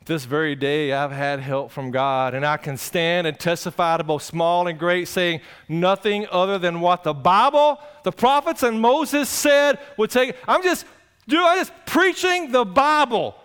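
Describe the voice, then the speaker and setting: Male pastor, high smooth voice, conversational preaching with loud and soft swings. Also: a little slow. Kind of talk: sermon.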